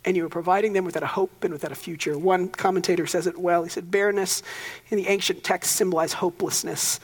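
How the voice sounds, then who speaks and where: A man's voice: sits high, steady tone, quick pace, breathy edge. Conversational young male pastor in reverb. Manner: conversational, joking asides. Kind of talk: sermon.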